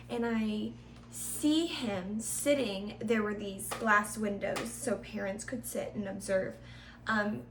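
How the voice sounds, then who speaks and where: A young woman co-hosting a podcast, telling a personal story earnestly in short, halting phrases. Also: medium pitch. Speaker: podcast co-host. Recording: distant mic in an echoey room, faint hum.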